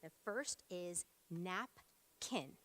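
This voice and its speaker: A woman's voice: lowish voice, animated, extremely slow, fairly bright tone. A woman teacher leading a phonics lesson, upbeat and encouraging, prompting in short words. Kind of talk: classroom phonics demonstration. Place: school meeting room.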